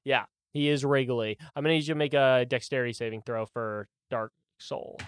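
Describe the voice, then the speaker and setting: A man's voice: medium pitch, fairly quick, clean tone, dry recording, studio quality. Young man running a tabletop game, laughing. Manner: loose, laughing, full of fillers. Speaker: game master.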